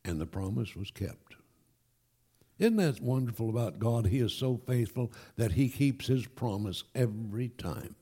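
A man preaching a sermon to his congregation, emphatic and animated, with folksy asides. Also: mid-range voice, unhurried, husky. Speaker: pastor. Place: church.

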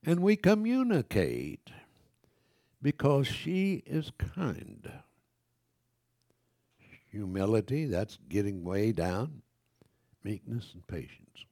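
An older man preaches a sermon, reading scripture and then talking straight to his congregation. His voice swings widely in pitch and has a mellow, darker tone. The sound is dry and close. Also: slow pace, long pauses, no echo. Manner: lively preaching, reads scripture aloud, frequent self-corrections; conversational asides to the congregation.

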